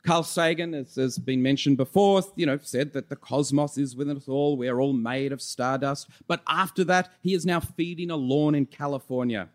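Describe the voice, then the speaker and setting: A man giving a mock-earnest comic debate speech, rambling with deliberate slips. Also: mid-range voice. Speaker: comedy debater.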